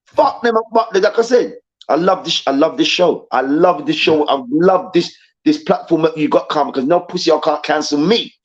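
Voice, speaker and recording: A man's voice: a little high, normal speed. A man hosting a football debate show, ranting angrily and profanely and hammering his points with repetition. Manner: angry, profane, emphatic repetition. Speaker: host. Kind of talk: heated football debate rant. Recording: dull lo-fi sound.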